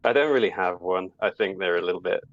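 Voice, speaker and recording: A British man answers questions with modest good humour as a livestream caller. His voice sits fairly low and comes through dull, lo-fi call audio. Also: fast, dry recording. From Britain. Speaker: call-in guest. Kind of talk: casual chat on a livestream.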